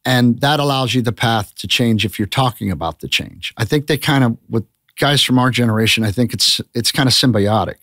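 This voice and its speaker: Comedian guest, man in his fifties, candid and rambling, mid-pitched voice, dry close mic. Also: brisk, hardly any pauses, a bit bright, no echo. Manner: candid, rambling storyteller with restarts. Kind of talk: casual podcast conversation.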